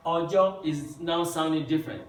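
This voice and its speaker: A man gives a patient one-on-one lesson, repeating each word slowly so his student can hear it. His voice sits a little high for a man. The recording is roomy and a bit distant, with a faint hum of ambience underneath. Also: a crowd in the background. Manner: patient, repeats and demonstrates words. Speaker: language teacher.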